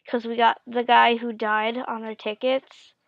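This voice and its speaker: Young woman telling a story, gravelly. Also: a little high, level tone, unhurried, no room sound, phone-quality sound. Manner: chatty, full of "like", acts out quotes. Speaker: vlogger. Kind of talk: storytelling monologue.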